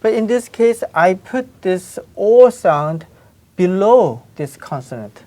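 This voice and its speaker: Speaking slowly with a warm, mid-range voice and big swings in pitch, a woman walks students through a language lesson. She explains carefully, repeats sounds with patience, offers spoken examples, and checks how they're doing.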